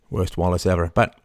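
A middle-aged man with a low-pitched voice delivers an impassioned monologue as host of his own show. He veers between quiet, confiding asides and loud, emphatic bursts. The recording is dry and close, with no room echo. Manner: passionate, swings from soft to loud emphatic outbursts. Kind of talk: impassioned live-stream monologue.

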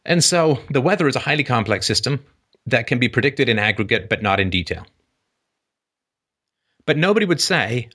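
A man's voice: mid-range voice, expressive, normal speed, pauses often, pushed and bright. A man hosting a call-in show, talking in a loose, digressive way and acting out little dialogues. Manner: digressive, acts out dialogues with shifting voices, laughs at own jokes. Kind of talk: casual philosophical call-in talk.

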